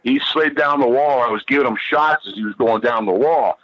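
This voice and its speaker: A man's voice: mid-range voice, a little fast, muffled recording. A man who is a guest on a podcast, telling a rambling, heated, profane story and repeating himself as he goes.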